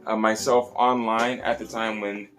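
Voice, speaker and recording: A man hosting a casual tour of his puppet collection, in a chatty, animated way. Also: on the low side, measured pace, soft background music. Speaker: puppet collector and channel host.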